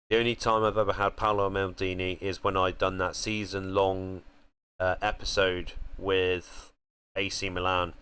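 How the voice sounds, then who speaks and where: A young man with a low voice gives casual commentary over a game. His tone is bright and crisp. He chats and thinks aloud, now and then breaking into excited outbursts. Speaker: gaming channel host.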